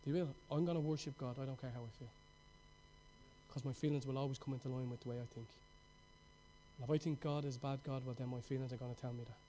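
A middle-aged man preaching a sermon with passion, telling stories and swinging between loud outbursts and hushed moments. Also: mid-range voice, fairly even intonation, fast talker, pauses often, a little hiss or hum.

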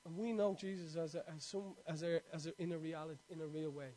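A man's voice: on the high side, fairly even intonation, fast, mellow. A man preaching a sermon, telling a personal story in a conversational way and quoting scripture.

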